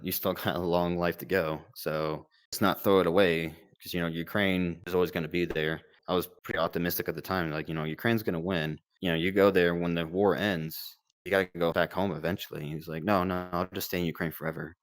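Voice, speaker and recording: A man's voice: low voice, steady tone, a little fast, hardly any pauses, no echo. A man in his late twenties from the United States, a former combat medic telling his story in a candid, rambling, self-deprecating way. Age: late 20s. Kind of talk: casual storytelling.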